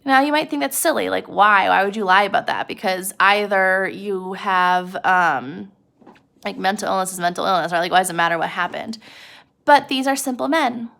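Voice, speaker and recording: A woman's voice: mid-range voice, moderate pace, gravelly, sharp tone. A young woman teaching a literature lesson in a chatty, casual way, addressing the listener directly and using lots of fillers.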